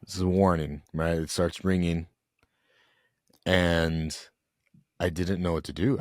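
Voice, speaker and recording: A young man, a podcast guest, telling an emotional personal story in an earnest, halting way. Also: sits low, fairly even intonation, no echo, studio quality. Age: young adult.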